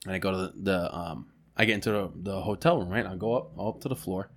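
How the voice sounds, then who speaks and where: A man co-hosting a podcast, telling a story in a loose, animated way, swearing freely and acting out his own reactions. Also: low-pitched, quick pace. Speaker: podcast co-host. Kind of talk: casual storytelling.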